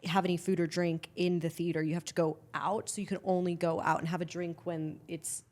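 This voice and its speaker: A woman's voice: fairly low pitch, little pitch movement, a little fast, darkish tone. A woman telling a story in casual podcast chat, with many restarts and free swearing. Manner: swears freely. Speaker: guest.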